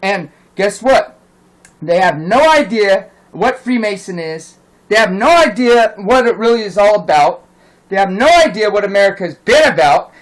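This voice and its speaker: A man's voice: sits high, animated, moderate pace, low-quality recording. A man delivering a heated, profane rant as a vlogger, indignant and insistent. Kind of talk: angry ranting monologue.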